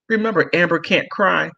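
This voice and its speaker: Male livestream host reading chat; loose, giggly, slow-paced, a bit high-pitched. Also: gravelly, pushed and bright, highs cut off. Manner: giggly, laughs often between remarks; loose and rambling, full of fillers. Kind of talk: casual livestream chat reading viewer comments.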